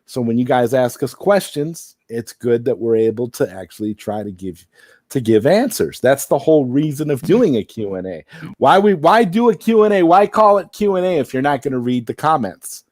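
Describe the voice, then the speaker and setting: A man's voice: medium pitch, expressive, normal speed, darkish tone, dry recording, studio quality. Rambling man hosting a late-night stream. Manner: rambling, circles back and repeats himself. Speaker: live stream host.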